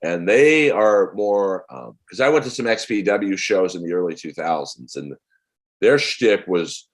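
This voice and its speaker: A comedian in his forties, a man telling rambling, animated stories as a podcast guest. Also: low voice, unhurried. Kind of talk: casual podcast chat.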